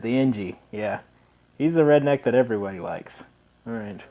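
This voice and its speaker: A man's voice: mid-range voice, lively intonation, a little fast, warm tone. A man casually commenting on gameplay, rambling with hesitations. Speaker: let's play host. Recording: dull lo-fi recording.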